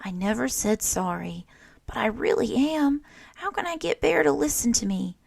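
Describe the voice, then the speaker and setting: A woman's voice: fairly high pitch, big pitch swings, moderate pace, gravelly, breathy edge, no room sound, pitched above the performer's own voice, heavily acted. A woman voicing a young boy turtle who is sorry and eager, in a children's storybook read-aloud. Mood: sad, earnest. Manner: earnest, pleading.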